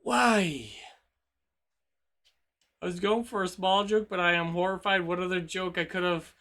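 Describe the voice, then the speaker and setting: A man's voice: sits high, level tone, a little fast, a bit bright. A man streaming a game live and chatting with viewers, with playful, mock-indignant protests and stammering repetitions. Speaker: VTuber streamer. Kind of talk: live gaming stream chat.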